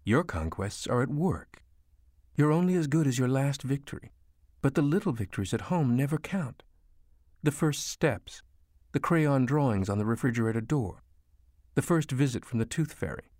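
A man voicing a sharp-tongued older mother who lectures her grown son insistently in an audiobook. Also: mid-range voice, animated, normal speed, no room sound, clean studio sound, voice pushed up, lightly acted. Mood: lecturing. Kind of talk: audiobook character voice.

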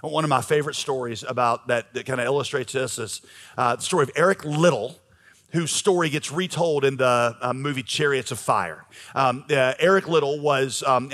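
Speaking a little fast in a mid-range, fairly bright voice, a man preaches as pastor in a church sanctuary. His delivery is conversational and full of fillers, and the recording echoes with a large hall's long reverb.

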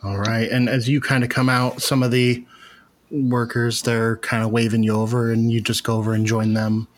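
Homem narrando um jogo de RPG. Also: male voice, medium pitch, normal speed, slight background noise. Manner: relaxed, casual, with filler words. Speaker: game master. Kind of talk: narrating a tabletop game.

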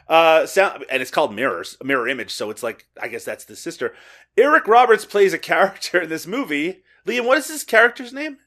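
Man, podcast host, bright ringing voice, joking, laughs a lot. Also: a little high. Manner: joking, animated, laughs often. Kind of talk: casual podcast chat.

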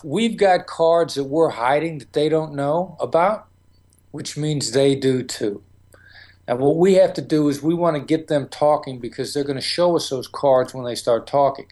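A man's voice: fairly high pitch, darkish tone. A man as an interview guest, explaining negotiation tactics and acting out remembered conversations. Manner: storytelling, acts out quoted exchanges.

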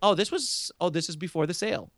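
A man guesting on a podcast, telling an animated, self-mocking anecdote and laughing often. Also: high-pitched, fast talker. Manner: animated, excitable storyteller who laughs often. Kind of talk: casual interview storytelling.

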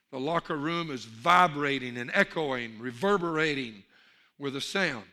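A man preaching a sermon as pastor, telling jokes with animated energy and calling out for amens. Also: medium pitch, normal speed. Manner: animated storyteller, calls for amen.

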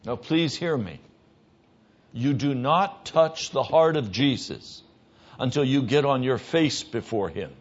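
Male pastor, sermon delivery, emphatic, hushed to loud; muffled low-fidelity recording. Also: lively intonation, slow.

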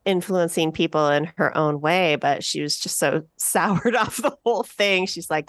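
A woman's voice: lowish voice, normal speed, few pauses, no room sound. A woman co-hosting a podcast, chatting in a thoughtful, easygoing way. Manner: chatty, thoughtful, with light laughs. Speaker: podcast co-host. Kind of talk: casual chat.

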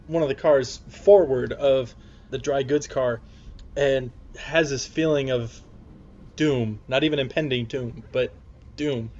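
A man's voice: medium pitch, a little mellow, a little hiss or hum. A man playing a tabletop game, narrating his character's actions with tense, dramatic storytelling. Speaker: player. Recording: dull lo-fi mic.

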